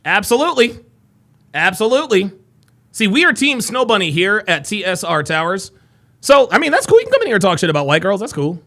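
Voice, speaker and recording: A man hosting a live reaction stream, reading viewer comments aloud with loud, crude, mocking banter that swings between yelling and mumbling. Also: high voice, wildly swooping pitch, a little fast. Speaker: reaction show host.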